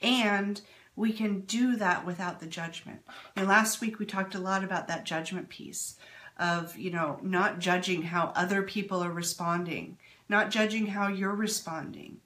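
A woman's voice: mid-range voice, fairly even intonation, measured pace, fairly bright tone. A woman giving an earnest, emphatic spiritual talk to her audience, full of rhetorical questions. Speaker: spiritual teacher.

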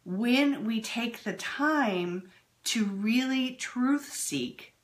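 A woman's voice: fairly high pitch, fairly bright tone. A woman giving an earnest, emphatic spiritual talk to her audience, full of rhetorical questions. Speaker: spiritual teacher.

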